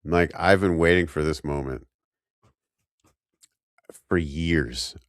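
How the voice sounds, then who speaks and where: A man's voice: rumbling low, slow, dry recording, studio quality. A man co-hosting a podcast, recapping a TV episode in a rambling way with jokey asides. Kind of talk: casual chat.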